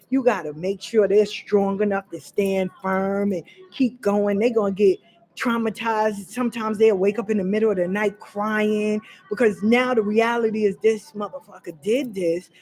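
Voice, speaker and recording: A woman's voice: mid-range voice, steady tone, moderate pace, a little mellow. A woman talking straight to her audience in an unscripted monologue, blunt and profane, with emphatic repetition. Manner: fiery and direct, addressing listeners as y'all. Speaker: vlogger sharing personal experience.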